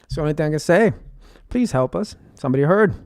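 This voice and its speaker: Fast and animated, a man streaming goes off on a rambling, agitated tirade, swearing frequently, repeating himself and filling gaps with fillers. His pitch is fairly high and his tone darkish, recorded clean in a studio with no room sound.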